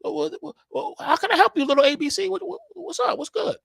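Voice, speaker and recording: A man voicing a broke rapper who talks in a hushed, urgent way. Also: very high-pitched, expressive, quick pace, gravelly, no room sound, clean studio sound, voice pushed up, exaggerated voice.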